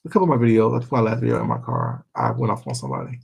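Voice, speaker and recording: Gravelly man chatting loosely with viewers. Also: on the low side, wildly swooping pitch, racing, hardly any pauses, a little mellow, poor audio. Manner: rambling, laughing, swears freely. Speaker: livestreamer. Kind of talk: casual chat with viewers.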